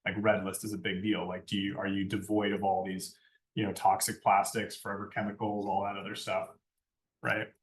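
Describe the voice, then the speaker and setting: Brisk and level in tone, a fairly low-voiced man gives a casual classroom lecture about lighting design. He keeps tagging his points with a questioning "right?", and the recording is far-off in an echoey room.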